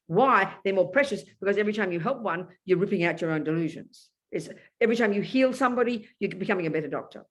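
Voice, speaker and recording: A woman's voice: mid-range voice, fast, few pauses. A woman giving a Buddhist dharma talk to an audience, blunt and emphatic, often checking in with her listeners. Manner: emphatic and animated, often asks the audience "you know?"; blunt, outspoken. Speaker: Buddhist teacher.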